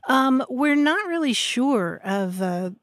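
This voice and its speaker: A woman's voice: high-pitched, sing-song, slow pace, fairly bright tone, no echo, studio quality. A woman co-hosting a radio show about language, playful and explaining word origins in an easy conversational way. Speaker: radio co-host. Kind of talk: casual radio chat about words. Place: radio studio. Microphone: studio mic.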